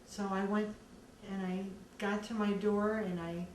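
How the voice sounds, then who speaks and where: Slow, earnest woman in echoey room. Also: mid-range voice, level tone. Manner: earnest, measured recounting with many pauses. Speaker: survivor telling her own story. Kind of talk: personal testimony. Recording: echoey room, distant mic, faint background noise.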